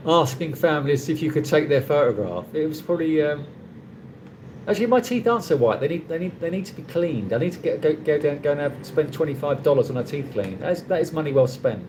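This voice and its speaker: A man's voice: fairly high pitch, lively intonation, quick pace, background noise. A middle-aged man with a London accent, chatting casually on a livestream and reading viewer comments, rambling with many restarts. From London, England. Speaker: livestream host.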